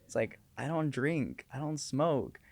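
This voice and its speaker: A man's voice: mid-range voice, unhurried, vocal fry, breathy edge, no echo. A young man in his twenties, a real estate agent on a podcast, explaining his ideas earnestly with everyday examples. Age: 20s. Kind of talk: casual podcast conversation.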